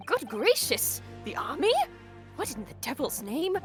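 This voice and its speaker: A woman's voice: high-pitched, very animated, a little slow. A woman voicing a pompous elderly British judge in a stately, formal manner on a game stream. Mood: stern. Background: background music.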